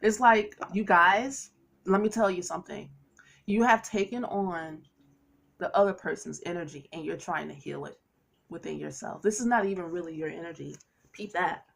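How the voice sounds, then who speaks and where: A woman's voice: fairly low pitch, normal speed, gravelly. A woman giving a tarot reading to her viewers, talking in a chatty, playful way with preachy asides. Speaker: tarot reader. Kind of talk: casual tarot reading monologue.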